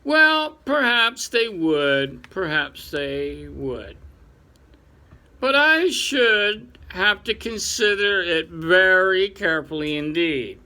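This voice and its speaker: A man voicing a pompous older male chief rabbit in a storybook reading, speaking in a slow, patronizing drawl. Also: sits high, sing-song, sharp tone, heavily acted.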